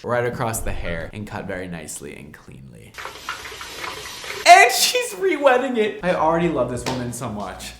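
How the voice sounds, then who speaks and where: A man, a hairdresser, giving reaction commentary on hair videos, gushing and animated, swinging between loud excitement and quiet asides, with casual swearing. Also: medium pitch, normal speed.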